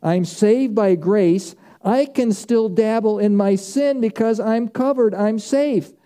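A man's voice: sits high, slow pace, dark tone, pitched above the performer's own voice. A preacher putting on a smug, gleeful man excusing his sin. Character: smug, self-satisfied man talking himself into sin.

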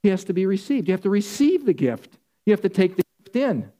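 Emphatic male preacher with a mellow voice. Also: high voice, sing-song, brisk. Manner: emphatic, repetitive, insistent; addresses listeners as folks. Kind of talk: sermon.

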